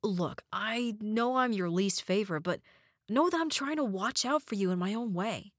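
A woman voicing a sarcastic, sneering adult brother who drags out his words in a slow, mocking drawl. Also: mid-range voice, expressive, no room sound, studio quality, lightly acted. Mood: earnest.

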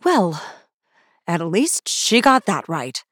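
A woman reading the part of a stern queen mother who scolds her daughter through gritted teeth, in a clipped, measured way. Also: fairly low pitch, big pitch swings, fairly bright tone, husky, dry recording, studio quality, full character voice. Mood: scolding.

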